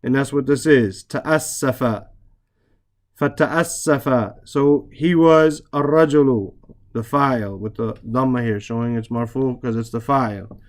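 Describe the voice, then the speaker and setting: A man teaching Arabic reading, translating lines and explaining grammar slowly and patiently, repeating words and spelling out letters. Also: medium pitch.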